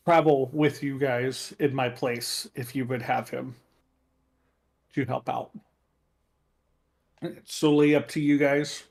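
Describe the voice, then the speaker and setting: A man voicing an earnest male ally in a tabletop role-play, who speaks formally and reassuringly. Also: medium pitch. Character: earnest male ally pledging his word.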